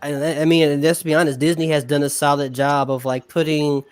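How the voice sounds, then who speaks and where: A man's voice: a little high, level tone, brisk, clear, resonant tone, dry recording, soft background music. A man co-hosting a casual reaction chat over a remote call, rambling with frequent restarts. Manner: rambling, restarts often, laughs easily. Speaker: podcast co-host.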